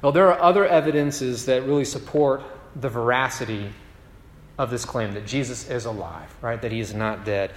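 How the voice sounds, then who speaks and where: A man with a medium-pitched voice delivers a sermon at normal speed, talking conversationally and repeatedly asking "right?" as a pastor. The recording carries long hall reverb.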